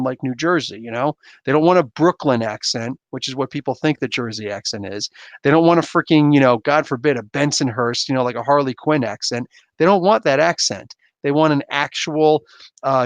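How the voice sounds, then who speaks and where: On a comic book podcast, the male host chats casually with viewers, answering their questions with animated energy, rambling asides and laughter. His voice leans high, and there's no echo.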